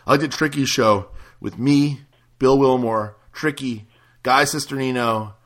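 A man's voice: mid-range voice, unhurried, a bit bright. A man hosting a radio show, chatting casually with a caller and planning the next segment. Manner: conversational, plans the show. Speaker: radio host. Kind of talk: casual chat.

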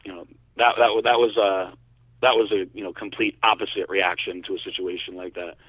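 A man from Connecticut telling stories in a casual, animated way, with many fillers and some swearing. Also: sits low, fairly quick, slightly rough, no echo. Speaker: guest storyteller. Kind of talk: casual storytelling. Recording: tinny phone-like line.

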